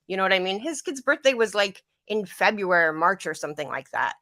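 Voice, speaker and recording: A woman's voice: mid-range voice, big pitch swings, quick pace, hardly any pauses, sharp tone, no room sound, clean studio sound. A young adult woman telling an emotional personal story on a livestream, rambling and repeating herself, her voice catching at times. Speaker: guest.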